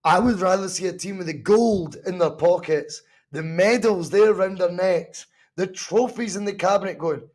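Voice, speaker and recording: A Scottish man hosts a live football watch-along podcast, chatting casually and reacting to both the match and the chat with animated, occasionally sweary comments. His voice sits high and he talks at a normal speed.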